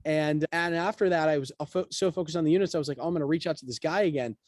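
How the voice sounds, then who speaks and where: Man guest on a podcast, quick and lively raconteur, slightly high voice, dry close sound. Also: no echo. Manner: animated, quick storyteller acting out quotes. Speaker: guest, real estate broker. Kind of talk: casual storytelling interview.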